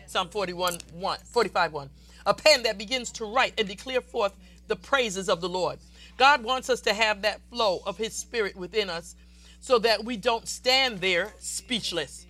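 Woman preacher, fervent sermon, very bright and cutting tone, exuberant declarations. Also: medium pitch, measured pace.

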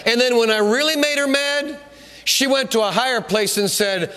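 High, lively-voiced man preaching in a hall. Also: moderate pace. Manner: emphatic, repetitive, builds to shouts. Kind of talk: sermon. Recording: hall reverb.

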